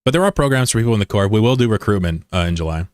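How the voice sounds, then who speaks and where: A man from the United States chats live with his stream viewers in a blunt, profane way. His voice sits low, and the recording is dry and close, with no room sound. He argues readily with critics in the chat. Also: expressive, racing, dry recording. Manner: blunt and profane, often swearing; argumentative when answering critics. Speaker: livestreamer. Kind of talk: casual livestream chat with viewers.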